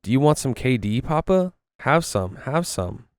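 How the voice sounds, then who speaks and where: A man's voice: mid-range voice, expressive, normal speed, darkish tone, clean tone, lightly acted. A man voicing a frightened eight-year-old boy with an odd foreign accent who pleads and clings. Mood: pleading.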